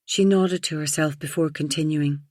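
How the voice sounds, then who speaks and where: A woman narrating a first-person audiobook thriller in an even, reflective storytelling manner. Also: sits low, normal speed, no room sound, clean studio sound.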